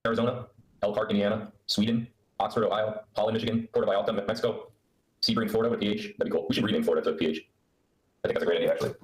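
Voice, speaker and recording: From his laptop in an indoor room while on a trip, a man hosts a live Q&A stream, rambling and sarcastic as he talks to viewers. His lowish, steady voice comes out rapid-fire. The laptop mic gives a rough, reverberant recording.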